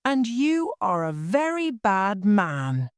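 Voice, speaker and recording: Proud old miller, defiant and loud, read by a woman. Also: mid-range voice, sing-song, slow pace, clean tone, no room sound, clean studio sound, voice pushed up. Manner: shouting, defiant.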